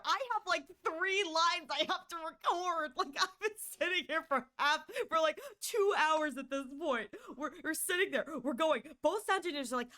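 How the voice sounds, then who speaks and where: A woman streaming into a condenser mic, telling a story in a casual, animated and exasperated way, swinging between quick bursts and drawn-out words. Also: sits high. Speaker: streamer and voice actor.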